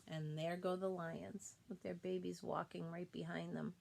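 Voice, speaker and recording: A woman reading a picture book aloud to children, expressive and pausing to point out the pictures. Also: lowish voice, vocal fry. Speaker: storybook reader.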